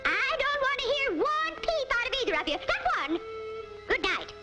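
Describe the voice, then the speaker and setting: A bossy old cartoon granny, scolding in a very high, lively warble. Loud music plays behind her. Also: moderate pace. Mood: stern.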